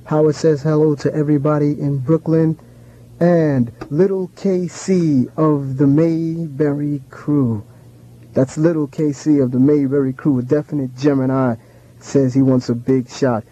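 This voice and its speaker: Dj guy reading shoutouts on old lo-fi radio, real dark mellow voice, mid pitch. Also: measured pace. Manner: rattles off names in a steady list. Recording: dull lo-fi radio recording.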